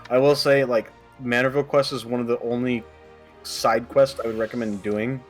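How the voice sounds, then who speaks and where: A man's voice: mid-range voice, flat delivery, moderate pace. A man chatting and joking through a game stream in short, dry remarks. Faint music plays behind him. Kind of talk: casual gaming chat.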